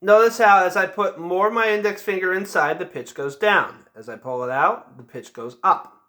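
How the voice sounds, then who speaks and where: A male band teacher gives a patient, step-by-step lesson, pausing often to check that students follow along. His voice is bright and sits a bit high for a man, and he keeps his instructions plain and encouraging.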